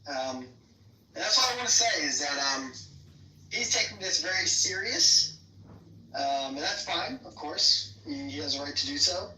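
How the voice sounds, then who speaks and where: Young man with a squeaky nasal voice. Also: lively intonation, bright, forceful tone, slight background noise. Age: young adult. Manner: halting, stammering, with nervous repeats. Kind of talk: heated online voice-chat argument. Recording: roomy, distant sound.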